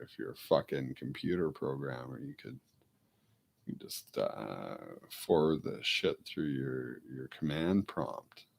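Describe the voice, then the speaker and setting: A man talks casually to his viewers in a very low, unhurried voice. His tone is rough with gravel, and he wanders between thoughts and mumbled asides. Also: darkish tone. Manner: rambling, talks to his dog in a coaxing voice. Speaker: vlogger. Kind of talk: casual talk to camera.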